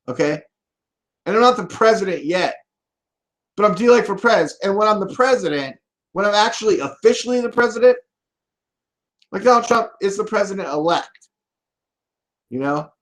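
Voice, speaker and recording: A man hosting a live political podcast, ranting and swearing, bursting into loud shouts now and then. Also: sits high.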